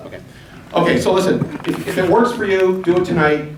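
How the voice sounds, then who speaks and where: Male town hall host, urging and rambling, a little high-pitched, recorded from across an echoey hall with faint hiss. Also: recorded from a distance. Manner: rambling, urging, spells out addresses slowly. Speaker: event host. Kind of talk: addressing a live town hall audience. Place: large hall with audience.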